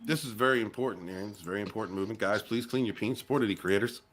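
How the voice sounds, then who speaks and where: A man hosting a casual online panel chat, joking and animated, often talking over the others. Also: on the low side, racing. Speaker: host.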